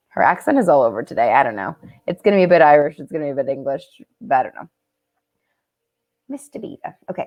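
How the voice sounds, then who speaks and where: A woman's voice: sits low, animated, fast. A woman reading a children's book aloud as a nightly bedtime story, with chatty asides. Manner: chatty, warm asides between read passages. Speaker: camp storyteller.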